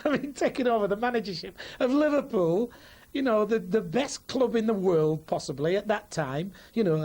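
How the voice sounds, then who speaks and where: A man's voice: high-pitched, normal speed, darkish tone. A man in a documentary interview, chatty and chuckling as he recalls a story.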